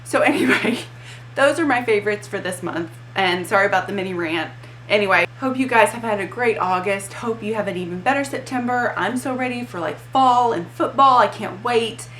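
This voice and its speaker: A woman's voice: medium pitch, moderate pace, a bit bright, echoey room, slight background noise, rough recording. A woman in her thirties chatting casually about her monthly beauty favorites, full of "like" and "um" and little playful rants. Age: 30s. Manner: chatty, lots of likes and ums, playful rants. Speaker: beauty vlogger.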